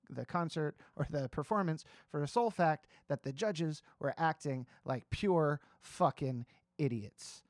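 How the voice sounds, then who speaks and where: A man's voice: a little high, dry recording, studio quality. A man reacting to a singing performance as a singing coach, giving candid, analytical commentary that turns blunt and profane.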